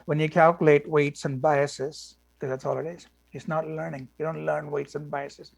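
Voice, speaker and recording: A man with a gravelly, slightly high voice teaches a class. He is blunt and opinionated and scatters "okay" and "you know" through his talk. The recording is dry and close, with no room sound. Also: level tone, normal speed, no room sound. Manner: blunt, opinionated, talks with many fillers. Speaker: lecturer. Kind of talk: classroom lecture.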